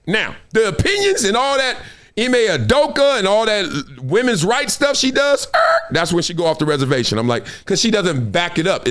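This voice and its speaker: Hosting his own show, a middle-aged man keeps things casual, animated and full of slang. He laughs a lot, and his voice leaps quickly up and down in pitch.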